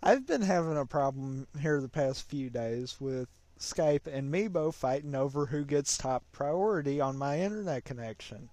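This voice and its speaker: A man's voice: fairly high pitch, expressive, normal speed, hardly any pauses, darkish tone. A man co-hosting a gaming show, chatting casually and a bit self-deprecatingly while watching a demo. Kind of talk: casual gameplay chat.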